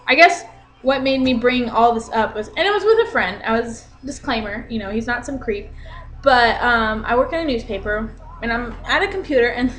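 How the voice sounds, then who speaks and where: A woman in her twenties telling an exasperated story in a casual vlog rant, animated and talking with her hands. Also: sits high, slight background noise. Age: 20s. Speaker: vlogger.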